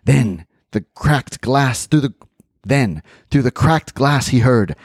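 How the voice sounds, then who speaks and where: A man hosting a podcast, reading a folk tale aloud with animated storytelling and chatty asides. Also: medium pitch, slow, dry recording, clean studio sound.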